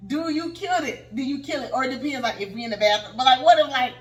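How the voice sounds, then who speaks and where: A woman co-hosting a casual podcast with a Southern US accent, telling stories in an excitable, laughing way. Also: sits high, fast talker. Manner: excitable, laughing, animated storyteller. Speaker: podcast co-host. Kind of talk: casual chat, storytelling. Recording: roomy, mic a bit far off.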